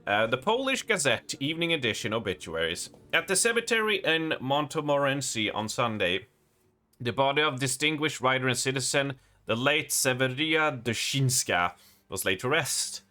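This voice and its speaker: Lively, bright-voiced man streaming a game. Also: mid-range voice, normal speed. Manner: chatty, talks to chat, reads in-game letters aloud. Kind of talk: live gameplay commentary, reading game text aloud.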